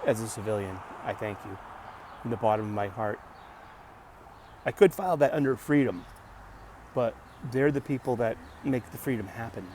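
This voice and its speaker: At a bus stop by a busy street, a vlogger with a medium-pitched, animated voice rambles casually in a monologue. His delivery is halting, with restarted words and jokey asides, while busy street noise and passing traffic surround the mic.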